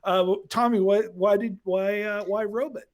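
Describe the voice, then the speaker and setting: A man's voice: high-pitched, fairly even intonation, normal speed. A man chatting on a game stream, teasing his friends and laughing as he talks. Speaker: game-night guest player. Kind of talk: casual chat among friends.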